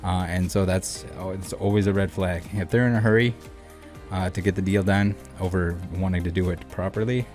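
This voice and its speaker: Low-voiced rambling male host. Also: steady tone, brisk, a little mellow, faint music behind. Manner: rambling, filler-heavy, blunt. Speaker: channel host. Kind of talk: casual commentary video.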